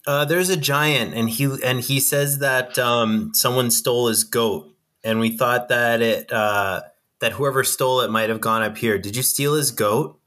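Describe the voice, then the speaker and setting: A man with a bright, forceful voice talks in character at a tabletop game. He comes across as diplomatic and hesitant, with lots of ums and restarts. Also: mid-range voice, a little slow. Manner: diplomatic, hesitant, filler-heavy. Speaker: player. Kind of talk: tabletop role-play.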